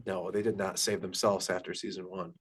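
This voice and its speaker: A man as a podcast guest, throwing in crude, quick-witted quips during casual banter. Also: low-pitched, flat delivery, slightly rough.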